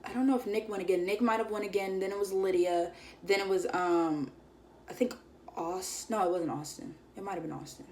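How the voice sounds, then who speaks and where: A young woman recounts her day as a vlogger in a loose, chatty storytelling style, leaning on filler words and playing out what her friends said. Her voice sits at an ordinary middle pitch for a woman. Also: steady tone, a little fast, darkish tone, a little hiss or hum. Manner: chatty, filler-heavy, acts out quoted friends. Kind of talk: casual storytelling.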